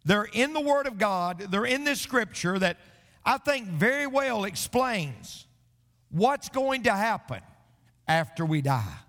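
High-voiced pastor guy preaching, swoops up and down a lot, jokes mixed w scripture, long echo like a big church hall. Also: a little slow. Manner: storytelling preacher mixing jokes with scripture, animated delivery; occasional stammering restarts. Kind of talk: sermon. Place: church sanctuary.

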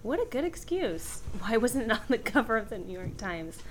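A woman's voice: fairly high pitch, very animated, normal speed, over a noisy crowd. A young woman co-hosting a casual podcast, chatty and giggly. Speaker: podcast co-host. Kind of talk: casual chat.

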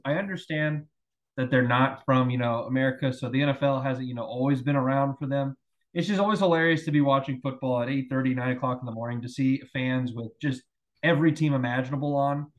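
A man's voice: mid-range voice, fairly even intonation, fairly quick, rough recording. A man co-hosting a casual sports podcast, teasing and mock-lecturing.

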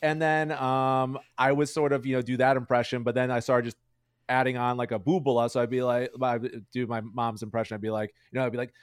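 A man's voice: medium pitch, flat delivery, quick pace, clear, resonant tone, dry recording, studio quality. A man talking as a streamer guest in a casual interview, rambling with lots of "like" and "you know" fillers.

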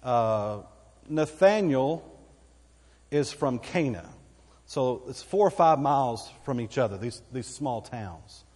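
A man's voice: mid-range voice, lively intonation, takes it slowly, a little mellow, husky, big-room sound. A man with a Texan accent preaching a sermon as pastor, folksy and conversational, with asides to the congregation. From Texas.

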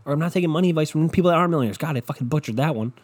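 A hoarse young man hosting a solo podcast from his bedroom on one microphone, ranting and swearing constantly. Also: fairly high pitch, rapid-fire. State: voice worn and hoarse. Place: his bedroom at his parents' house. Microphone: single home podcast microphone.

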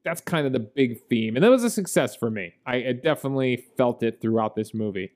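A man's voice: medium pitch, expressive, quick pace, darkish tone. A man co-hosting a podcast, chatting casually about a movie with lots of fillers and laughs. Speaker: podcast co-host. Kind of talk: casual movie review chat.

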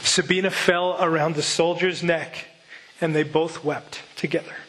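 A male preacher delivers an earnest sermon. His voice sits a touch high, and his tone is bright and forceful as he builds toward rhetorical questions. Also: flat delivery, unhurried, a little hiss or hum, poor audio. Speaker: pastor.

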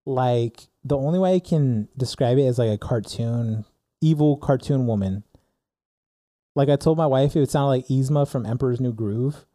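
A young man tells a story in a relaxed, chatty way, acting out each side of the exchange with plenty of likes and ums. His voice is very dark and mellow. The recording is close and dry. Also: mid-range voice, normal speed, no echo. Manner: animated storyteller, acts out dialogue with filler words. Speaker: podcast co-host telling a story. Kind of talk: casual storytelling chat.

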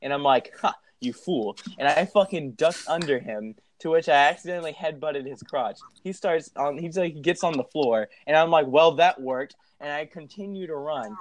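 A young man telling a story in a casual, animated way, swearing and laughing as he goes. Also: a little high, brisk, hardly any pauses.

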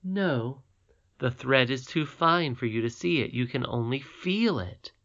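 A man voicing a wise, gentle, mysterious old grandmother queen in an audiobook, calm, measured and tender. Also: medium pitch, creaky, muffled recording. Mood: tender instructing. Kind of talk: audiobook character reading.

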